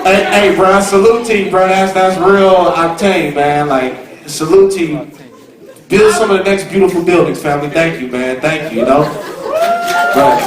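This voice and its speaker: High-voiced man rambling in an echoey hall. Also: fairly quick, a crowd in the background. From California Bay Area. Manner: rambling, slang-heavy, repeats himself. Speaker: guest speaker. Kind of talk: informal lecture to a student audience. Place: university lecture hall with audience. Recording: echoey hall, recorded from far off. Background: audience murmur.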